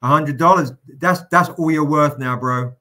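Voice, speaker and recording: Running a crowdfunding campaign, a man hosts a live stream and chats casually, dropping fillers, jokes and the odd swear word. His voice is on the high side, bright and forceful, at normal speed.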